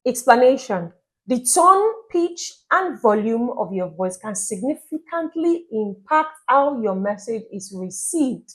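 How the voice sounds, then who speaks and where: A woman giving relationship tips in a casual vlog, chatty and lively, often checking in with the listener. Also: mid-range voice. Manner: chatty, asks listeners "you get my point?"; acts out little scenes with playful quoted voices. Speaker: relationship advice vlogger.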